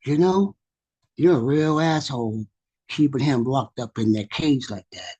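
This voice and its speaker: A soft, gentle inner voice speaks mildly but bluntly, as a man puts it on. It is slow and husky, close to a murmur. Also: mid-range voice, lively intonation. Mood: scolding.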